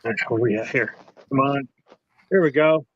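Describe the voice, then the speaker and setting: A man's voice: mid-range voice, moderate pace, fairly bright tone. A man co-hosting a casual podcast, telling rambling, profane, joking stories. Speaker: podcast co-host. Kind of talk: casual crude banter. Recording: dull, dry lo-fi audio.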